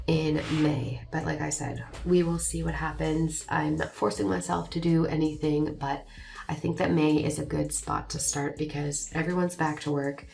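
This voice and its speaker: A woman's voice: low voice, darkish tone. A young woman with a scratchy voice, chatting casually and rambling a little as she walks viewers through her budget plans. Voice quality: scratchy, raspy voice. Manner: chatty, rambling, self-deprecating. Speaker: vlogger. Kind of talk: casual planning vlog chat.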